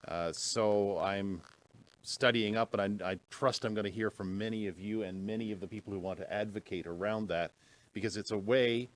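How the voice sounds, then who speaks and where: A man's voice: on the low side, fairly even intonation, moderate pace. A man speaking earnestly to a conference audience in a conference room.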